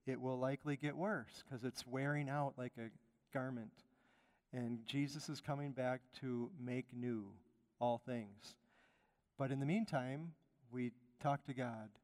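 A man's voice: medium pitch, steady tone, measured pace, darkish tone. A man from Chicago preaching a conversational sermon as pastor, emphatic and repeating his phrases. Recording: long reverb of a hall.

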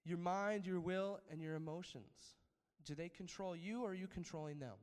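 A male pastor preaches a sermon in a fairly high voice, often asking his listeners for an amen. His delivery swells to emphatic peaks before settling back down. The sound carries a long reverb, as if recorded in a large hall. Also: normal speed, a little mellow, smooth.

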